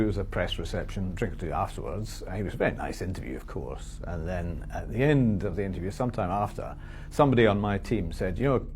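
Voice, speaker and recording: A man's voice: on the low side, darkish tone, a little hiss or hum. A man who interviews film people, telling a dry, self-deprecating anecdote.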